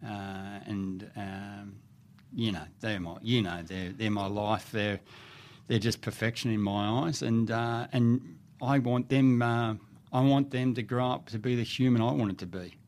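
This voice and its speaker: A middle-aged man talking as a podcast guest in a studio, telling stories in a lively way with frequent restarts. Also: fairly low pitch, unhurried. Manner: animated storyteller with frequent restarts. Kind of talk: casual storytelling in conversation. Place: radio studio.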